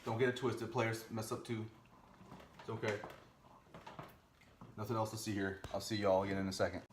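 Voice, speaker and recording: Cooking stew at home for his vlog, a young man keeps up playful chatter and hums little sound effects. He speaks with a lowish voice at normal speed and fairly even intonation, over slight background noise.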